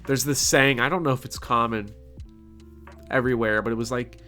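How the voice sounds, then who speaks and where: Rambling Southern man with a bright voice. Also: medium pitch, steady tone, brisk, soft background music. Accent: Kentucky Southern, softened. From Kentucky. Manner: rambling, self-mocking, blunt. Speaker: channel host. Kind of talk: casual Q&A chat.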